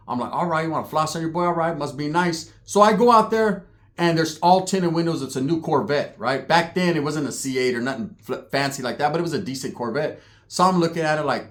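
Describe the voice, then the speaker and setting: A young Californian commentary vlogger tells a profane story in street slang as a storytelling rant, acting out the people he quotes. His voice is a little high and fairly quick.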